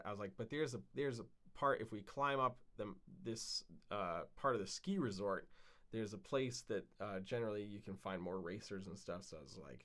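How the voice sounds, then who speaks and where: Speaking at a moderate pace, this man has a lowish, slightly bright voice. As a co-host on a podcast, he rambles through a long casual story, swearing often and using lots of filler words.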